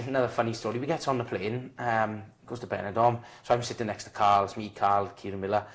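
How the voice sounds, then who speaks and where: Man, animated swearing storyteller. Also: on the low side, fast. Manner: animated, swears freely, restarts often. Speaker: guest, football goalkeeper. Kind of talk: casual storytelling.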